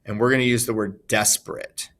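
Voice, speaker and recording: A man teaching a recorded poetry lesson in an informal way, thinking aloud with fillers and self-corrections, and slowly sounding out stressed syllables as examples. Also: on the low side, fairly even intonation, a bit bright.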